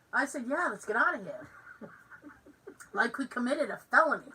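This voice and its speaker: A woman's voice: a little high, big pitch swings, moderate pace, long pauses, pushed and bright, husky, distant mic, low-quality recording. A woman from Massachusetts with a Massachusetts accent, co-hosting a podcast and telling a story in casual chat. She acts out the lines of other people in the story. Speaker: podcast co-host.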